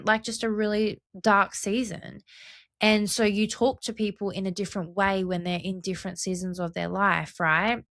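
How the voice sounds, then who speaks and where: Speaking into a dry, clean studio mic, a young adult woman delivers a reflective solo podcast monologue. Her medium-pitched voice has a bit of brightness, and she talks earnestly and passionately, often checking in with "right?" and "okay?".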